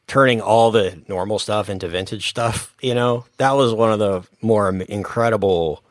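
A man with a lower voice chats casually on a podcast. He gets animated and excited, with plenty of fillers. The sound is dry and close. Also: moderate pace, no echo. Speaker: podcast co-host. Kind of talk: casual chat about movies.

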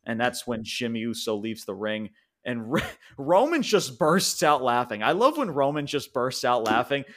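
A man's voice: mid-range voice, moderate pace. Guy on a podcast going over last night's wrestling, all hyped up, keeps restarting sentences, normal mid voice. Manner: excited, rambling with restarts and mild swearing. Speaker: podcast co-host. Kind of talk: casual wrestling recap.

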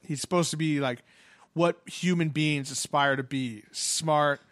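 Higher-voiced man agreeing in casual chat. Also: fairly even intonation, unhurried, fairly bright tone, no room sound. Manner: agreeable, chiming in with short replies.

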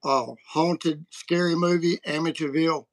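A man's voice: a little high, steady tone, unhurried, no echo, rough recording. A middle-aged man with a Southern US accent telling rambling, folksy stories as a livestream guest. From Alabama, USA. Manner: folksy, rambling storyteller with restarts. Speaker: guest apologist. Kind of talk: casual livestream chat.

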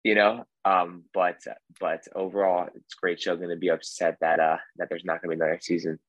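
A deep-voiced American man, a podcast guest, chats in an easygoing, rambling way packed with filler words. His delivery is flat and brisk, and the audio is dull with no room sound.

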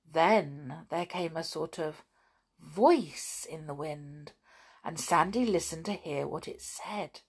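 A woman reading a children's story aloud in a slow, expressive way. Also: mid-range voice, creaky, slightly rough.

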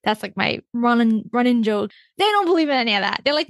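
A woman's voice: a little high, lively intonation, a little fast, hardly any pauses, dry recording. A young woman co-hosting a podcast in casual chat, laughing often and restarting her sentences. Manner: chatty, laughs often, many fillers and restarts. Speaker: podcast co-host.

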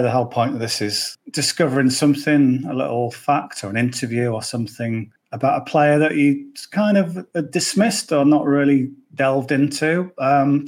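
A man with an English accent, a golf betting pundit chatting casually on a podcast, rambling with jokey asides. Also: mid-range voice.

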